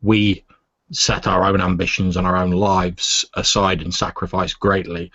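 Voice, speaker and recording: A man voicing a stern, fanatical male inquisitor priest in a flat monotone, low and husky. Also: unhurried, no room sound. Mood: cold, solemn. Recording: muffled lo-fi recording.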